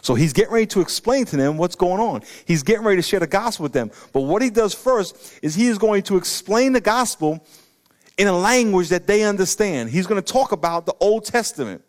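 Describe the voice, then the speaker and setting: A middle-aged man, preaching an animated sermon that breaks into loud emphatic bursts. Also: high voice, brisk. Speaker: pastor.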